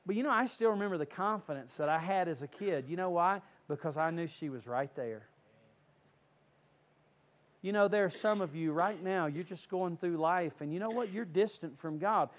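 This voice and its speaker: A man from North Carolina, preaching a sermon and telling stories with lively acted-out voices. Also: sits high, normal speed, highs cut off. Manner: animated storytelling, acts out voices. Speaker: pastor.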